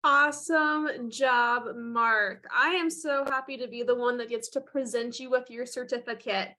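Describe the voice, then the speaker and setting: A woman's voice: a little high, steady tone, a little fast, a bit bright. A woman clinician presenting a certificate at a virtual ceremony, praising a child with enthusiastic pride and a few fillers, over a video call.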